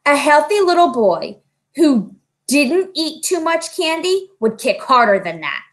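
A woman voicing a fussy, tall, thin male doctor who makes slow, emphatic pronouncements in a storybook reading. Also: sits high, very animated, voice pushed up. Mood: fussing.

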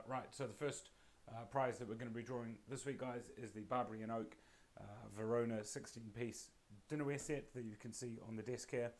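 A man hosts a live-streamed prize draw, greeting viewers by name in a friendly way. His lowish voice sounds croaky and strained by laryngitis.

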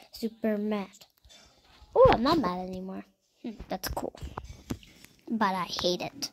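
Woman, gameplay commentary, higher voice, slow unhurried talk, playful chanting, slips into soft near-whispers. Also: slight background noise. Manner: chatty, often dropping to a soft near-whisper; playful, repeating words in little chants. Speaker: gaming video host.

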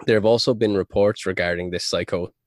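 Low-voiced man chatting. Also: fairly even intonation, fast talker, dry recording. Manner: rambling, joking, reads facts aloud. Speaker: podcast co-host. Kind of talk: casual podcast banter.

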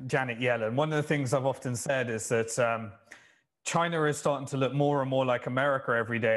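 A male interview host asking measured, thoughtful questions at a middle pitch.

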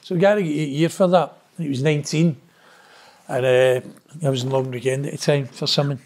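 Gravelly Glaswegian man telling stories. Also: a little high, fairly even intonation, brisk, darkish tone. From Scotland. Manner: blunt, sweary, rambling with frequent 'know what I mean'. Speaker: interview guest. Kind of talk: casual storytelling.

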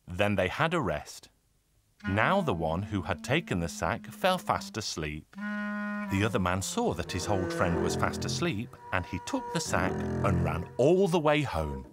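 Male storyteller, low, lively telling, fiddle music under the voice. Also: unhurried. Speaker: narrator. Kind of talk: storybook narration. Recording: folk fiddle music behind.

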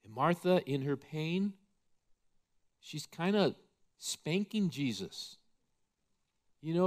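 Unhurried, higher-voiced male pastor preaching. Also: expressive. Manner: impassioned, emphatic preaching. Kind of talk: sermon. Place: church.

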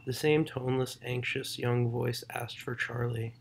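A man reading a literary short story aloud in a measured, unhurried way, now and then correcting himself mid-sentence. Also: mid-range voice, fairly even intonation, gravelly, breathy edge. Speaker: narrator.

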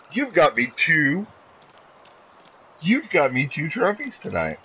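A man streaming a video game live, chatting loosely with viewers and breaking into sudden excited outbursts and odd noises. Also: on the high side, slightly rough. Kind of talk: casual live-stream chatter while playing.

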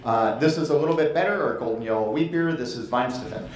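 A male presenter speaks to a conference audience in a mid-pitched voice. He talks bluntly and conversationally, hammering his points with emphasis. The sound is echoey, as in a conference room. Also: quick pace. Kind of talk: conference talk.

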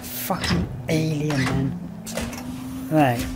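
Sweary gamer taunting a monster. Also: male voice, fairly high pitch, drawn-out words, loud music behind the voice. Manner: swears a lot, taunts and coaxes the enemy, grows loud when frustrated. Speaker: gameplay commentator. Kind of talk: let's play commentary.

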